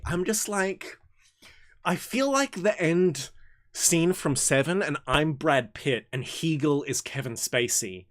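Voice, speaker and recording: A young man hosting an occult reading group, reading passages aloud and rambling in jokey, animated tangents. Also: measured pace, no room sound, clean studio sound. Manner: animated and jokey, swings from excited outbursts to low mumbles. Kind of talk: casual reading and commentary livestream.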